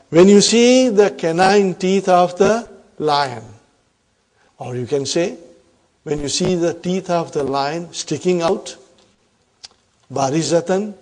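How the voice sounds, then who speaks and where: Teacher quizzing his class, mellow voice. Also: a little high. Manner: explains and quizzes students with frequent "huh?". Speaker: Arabic teacher. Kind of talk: classroom grammar lesson.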